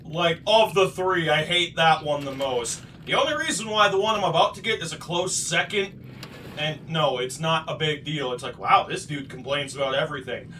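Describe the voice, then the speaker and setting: A man hosting a game playthrough, muttering to himself and then shouting and swearing in frustration, teasing himself as he plays. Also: a little high, moderate pace, far from the mic, slight background noise. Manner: excitable, swings from muttering to shouting; self-deprecating, swears. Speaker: gaming channel host. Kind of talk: let's play commentary.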